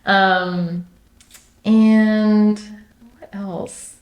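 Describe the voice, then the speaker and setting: A woman's voice: medium pitch, level tone, very slow, lo-fi sound. A young adult woman chatting as an interview guest, thoughtful, with many fillers and restarts. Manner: thoughtful, frequent fillers and restarts, laughs easily. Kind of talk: casual interview chat.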